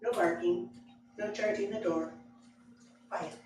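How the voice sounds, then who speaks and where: A woman storyteller telling a personal tale to a live audience, slow and dramatic with frequent chuckles. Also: mid-range voice, fairly even intonation. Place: library event room with live audience. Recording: echoey hall, distant mic, background noise.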